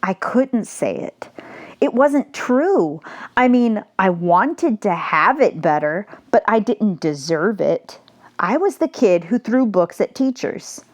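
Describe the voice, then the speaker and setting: A woman reads a novel aloud in a slow, measured first-person narration. Her voice sits at a middle pitch and she takes her time with each line. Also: animated. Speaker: audiobook narrator. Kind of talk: audiobook narration.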